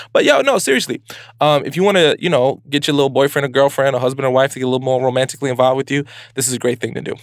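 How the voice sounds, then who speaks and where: A man from Brooklyn hosting a podcast, giving casual advice in an animated, playful way full of slang. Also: mid-range voice, gravelly, no echo. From Brooklyn, New York. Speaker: podcast host.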